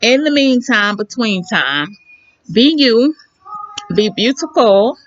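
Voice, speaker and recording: A woman's voice: a little high, very animated, slow pace, no echo, muffled recording, faint music behind. A woman vlogger chatting outdoors by a pool, rambling in a candid, slangy way. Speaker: beauty vlogger. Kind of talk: casual chat.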